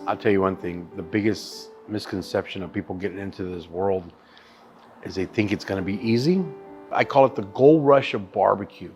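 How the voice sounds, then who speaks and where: A man in his thirties, a barbecue chef, telling stories in a casual interview, animated and profane. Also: low voice, moderate pace, soft background music. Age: 30s.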